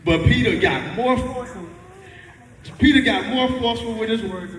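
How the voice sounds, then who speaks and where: A man's voice: high voice, animated, normal speed, a little hiss or hum. A man preaching a sermon in a folksy, conversational way, checking in with the congregation as he goes. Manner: conversational, folksy, quizzes the audience. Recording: echoey hall, mic from far off.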